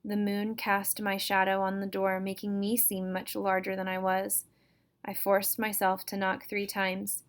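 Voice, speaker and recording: A woman reads a first-person chapter book aloud for her students. Her delivery is steady and even, with a notably flat, narrow pitch. The sound is a plain home recording. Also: measured pace. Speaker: teacher reading to students.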